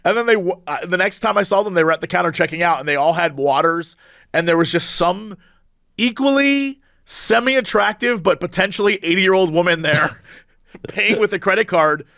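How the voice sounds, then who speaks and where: This podcast co-host has a high, gravelly voice and a moderate pace, telling stories with lots of laughter in a casual, animated way. The audio is clean studio sound without any room tone.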